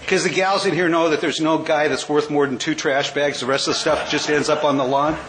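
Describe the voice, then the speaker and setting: A man in his sixties from California tells his recovery story in a high voice. His delivery is wry, with quick jokes. A faint hiss sits under the talk. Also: fairly even intonation. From California, USA. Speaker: AA speaker. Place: convention hall.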